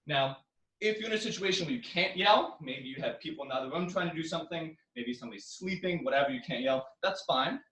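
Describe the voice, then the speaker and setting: Young male karate instructor, highish voice, coaching drills in an echoey living room off-mic. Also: animated, fast talker, far from the mic. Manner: coaching, counting drills with loud yells. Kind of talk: online exercise class.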